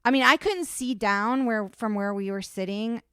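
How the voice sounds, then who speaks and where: A woman's voice: a little high, moderate pace, pushed and bright, clean tone, no room sound, studio quality. A woman co-hosting a podcast, telling a rambling story in casual chat, with lots of "like". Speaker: podcast co-host.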